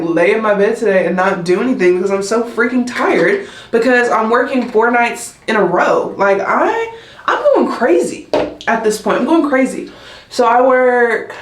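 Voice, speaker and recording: A woman, chatting in a rambling vlog style, full of "like" and "um". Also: fairly high pitch. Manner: rambling, heavy use of "like" and "um". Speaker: nursing student vlogger. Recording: echoey room.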